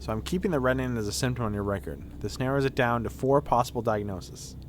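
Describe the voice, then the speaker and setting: A man voicing a calm male doctor who questions a patient, reading game dialogue aloud in a measured, clinical way. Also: mid-range voice, slight background noise, pitched below the performer's own voice, natural voice.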